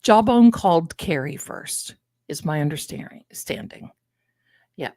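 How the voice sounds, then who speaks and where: An older woman hosting a live tarot and commentary stream speaks with a low, darkish voice and lively intonation, a little slowly and without echo. Her loose, chatty commentary drifts into storytelling asides about her own life.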